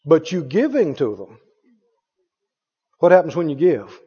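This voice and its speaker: A man's voice: big pitch swings, a little slow, warm tone, husky, long reverb tail, muffled recording. A man preaching a sermon with an emphatic, repetitive delivery, firing rhetorical questions at his congregation. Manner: mimics others in a higher voice.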